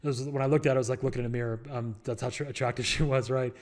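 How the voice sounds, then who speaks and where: A man's voice: mid-range voice, steady tone, rapid-fire. A young man giving casual advice in a rambling, joking way, full of fillers and restarts. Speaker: real estate investor and show host.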